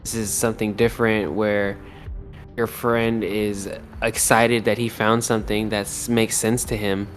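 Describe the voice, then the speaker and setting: A man co-hosting a podcast, speaking in a relaxed, reflective way with many fillers. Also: fairly low pitch, a little slow, faint music behind. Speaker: podcast co-host. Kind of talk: casual chat.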